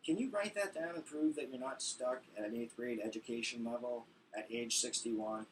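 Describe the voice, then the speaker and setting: A man voicing a loud, insulting male restaurant manager in a stand-up bit. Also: mid-range voice, normal speed, recorded from a distance, slight background noise, natural voice, rough recording. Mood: berating.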